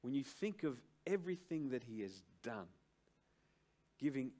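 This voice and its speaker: An older man preaching a sermon to a church congregation, slow and emphatic, with dramatic pauses and big swings between loud and soft. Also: medium pitch, very animated. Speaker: pastor. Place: church service.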